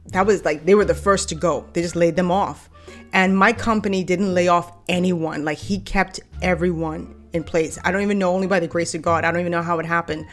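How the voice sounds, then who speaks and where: Blunt Bahamian woman vlogging. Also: fairly low pitch. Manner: blunt, animated storyteller who addresses viewers directly. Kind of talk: casual opinion vlog.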